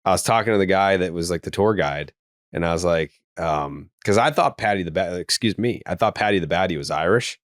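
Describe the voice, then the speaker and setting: Speaking briskly in a low voice, a podcast co-host with a faint Boston accent, from the Boston area, rambles through stories in casual chat. He swears freely and fills his talk with "likes" and restarts. The audio is studio quality, with no echo.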